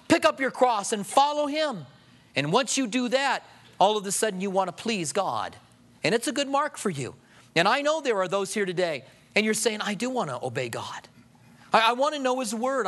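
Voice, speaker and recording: A pastor preaching a sermon in an easy, conversational way. He asks the congregation rhetorical questions and drops soft and low when he quotes a prayer.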